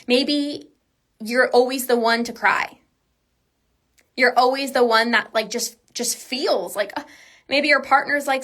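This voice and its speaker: A woman's voice: sits high, fairly even intonation, measured pace, long pauses, fairly bright tone. A woman coach talking alone on a podcast, earnest and emphatic, casual with lots of "like"s. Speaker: binge eating coach. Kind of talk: solo podcast monologue.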